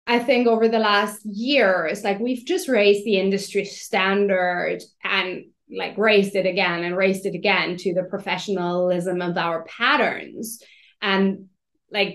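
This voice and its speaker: A woman guest on a podcast interview, speaking hesitantly and often repeating words while she searches for them. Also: mid-range voice. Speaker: magazine owner, guest. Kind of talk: casual interview chat.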